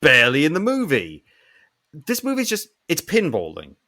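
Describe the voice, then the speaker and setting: A man's voice: a little high, huge pitch swings, normal speed, bright, forceful tone. A man hosting a podcast, ranting animatedly through a casual film review and swearing often. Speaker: podcast host.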